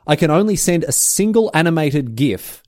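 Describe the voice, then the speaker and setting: A man co-hosting a casual podcast, his pitch swinging up and down as he rants. He sounds exasperated and keeps breaking off to restart his sentences. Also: very animated, normal speed, a little mellow. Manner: exasperated ranting with many restarts. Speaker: podcast co-host. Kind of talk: casual chat.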